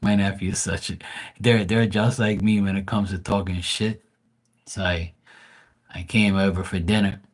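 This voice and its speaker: A man's voice: sits low, fairly even intonation, normal speed. A man hosting a live tarot stream, talking casually and bluntly with plenty of swearing, and greeting chat viewers by name. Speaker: livestream tarot reader.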